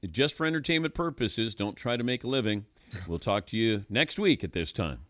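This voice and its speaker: An older man hosting a sports radio show, chatting casually with a wry, relaxed manner and frequent laughs. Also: medium pitch, fairly quick, no echo, clean studio sound. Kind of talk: casual studio banter.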